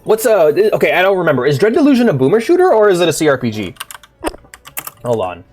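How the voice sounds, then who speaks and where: Excitable young man streaming a game. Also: on the high side, fast talker, faint music behind. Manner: excitable, swears freely, laughs a lot. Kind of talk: casual gameplay commentary.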